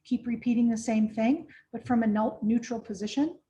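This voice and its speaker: A woman's voice: fairly high pitch, normal speed, warm tone. Woman giving a practical training talk. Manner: practical, repeats "right?" to check understanding. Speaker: conference trainer. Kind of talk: training presentation.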